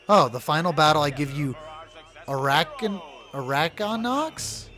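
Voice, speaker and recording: Excitable young man yelling over gameplay. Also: fairly high pitch, measured pace. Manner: excitable, swears loudly, yells at his companion. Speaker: gaming video creator. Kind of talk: let's play commentary.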